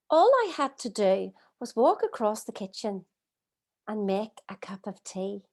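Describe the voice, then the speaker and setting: A middle-aged woman leading a live online coaching masterclass from home, earnest and expressive, asking her audience many rhetorical questions. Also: a little high, measured pace. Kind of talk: live-streamed coaching talk. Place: at home, streaming by video call.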